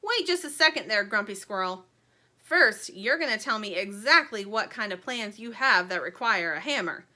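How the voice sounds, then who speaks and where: A woman's voice: medium pitch, animated, normal speed, bright, forceful tone. A woman reading aloud voices a bold, bossy little female chick who speaks with firm confidence. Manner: confident, demanding.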